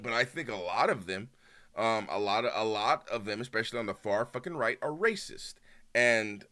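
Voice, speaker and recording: Heated, bright-voiced streamer ranting. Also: male voice, mid-range voice. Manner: heated, swears a lot, swings between loud outbursts and muttering. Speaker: streamer reacting to a video. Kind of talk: casual ranting commentary.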